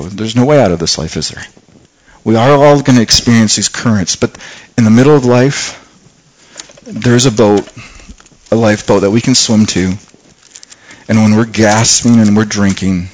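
A middle-aged pastor with a medium-pitched voice tells a personal story in a sermon, restarting often. He grows louder reliving the danger and quieter when reflecting, and the audio is poor.

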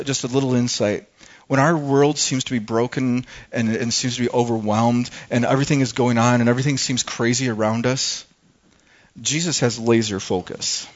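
Earnest stammering male pastor preaching. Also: mid-range voice. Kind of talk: sermon. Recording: dull lo-fi sound.

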